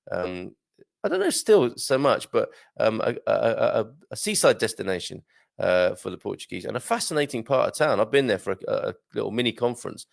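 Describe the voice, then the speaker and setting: A man's voice: on the low side, vocal fry, no echo, clean studio sound. A man from Britain hosting a live stream, reading out viewer comments in a chatty, joking way with many hesitations. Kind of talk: casual live chat.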